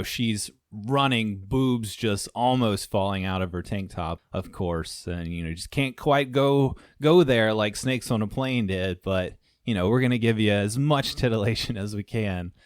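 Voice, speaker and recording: This podcast co-host has a fairly low, smooth voice, captured dry with clean studio sound. He rambles easily through a casual movie review chat, relaxed and laughing often.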